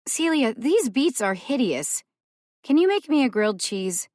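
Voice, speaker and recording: A woman narrating an audiobook, voicing a brash, quick-witted young woman with a sarcastic, teasing manner. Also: sits high, sing-song, darkish tone, no room sound, clean studio sound, voice pushed up. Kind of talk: audiobook character voice.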